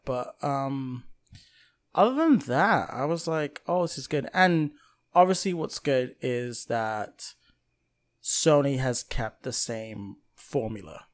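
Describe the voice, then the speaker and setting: A young man co-hosting a casual chat, sharing his views on films in a measured way with many ums and uhs. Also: mid-range voice. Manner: measured, hesitant, lots of fillers. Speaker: podcast co-host.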